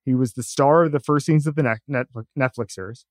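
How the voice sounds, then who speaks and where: A man's voice: medium pitch, brisk, dry recording. A man co-hosting a sports podcast, bantering in a wry, teasing way at a studio microphone. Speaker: podcast co-host. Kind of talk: casual sports talk.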